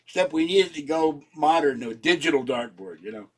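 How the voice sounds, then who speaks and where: This vlogger's voice sits a little high and sounds slightly rough, with lively intonation at a normal speed. Indoors at home, he rants through a rambling monologue and keeps breaking into laughter.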